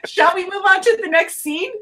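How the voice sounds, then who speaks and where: A woman's voice: extremely high pitch, normal speed, bright, forceful tone, a little hiss or hum. A woman co-hosting a podcast, recapping TV scenes in a chatty way and laughing often. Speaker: podcast co-host. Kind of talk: casual chat reviewing a TV episode.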